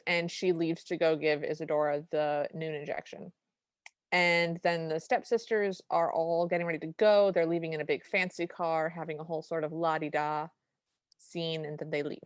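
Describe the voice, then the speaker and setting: Low-voiced woman podcast co-host, dry sound. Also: fairly even intonation, moderate pace, no room sound. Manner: chatty, recounting plot with quoted lines. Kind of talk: casual recap chat.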